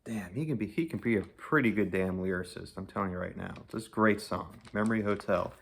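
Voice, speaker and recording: A man's voice: fairly low pitch, brisk, vocal fry, breathy edge. A man giving a casual, enthusiastic, rambling album review, laughing often and gushing over songs. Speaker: music reviewer.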